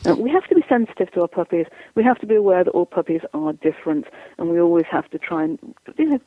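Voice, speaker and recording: A woman's voice: fairly low pitch, big pitch swings, fast talker, no room sound. A woman dog trainer giving advice in an interview, chatty and explanatory, acting out what owners and dogs say. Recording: tinny dry phone line.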